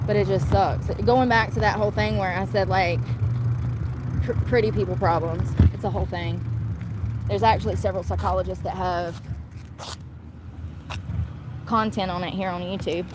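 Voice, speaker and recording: A woman in her forties with a mid-range voice talks frankly and without polish as she walks along a roadside. She films on a handheld phone, and the loud rush of passing cars fills the recording. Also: medium pitch, steady tone, normal speed, pauses often. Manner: blunt, candid, swears freely. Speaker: vlogger. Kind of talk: casual walking vlog. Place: outdoors walking along a busy road. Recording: loud traffic noise outdoors. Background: passing cars and street noise.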